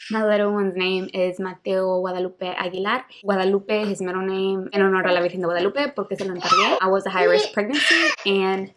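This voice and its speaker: A woman's voice: mid-range voice, steady tone, brisk, few pauses, fairly bright tone, a little hiss or hum. Young woman sharing a candid vlog story. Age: young adult. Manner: candid, switches between English and Spanish mid-sentence; emotional, emphatic retelling. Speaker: vlogger.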